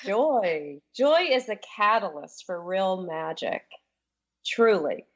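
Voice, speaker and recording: An enthusiastic woman coach talks in a casual radio interview, her voice at a middle pitch. She rushes ahead in bursts, then stretches out key words. The sound is dull and lo-fi. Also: big pitch swings. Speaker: guest, transformation coach.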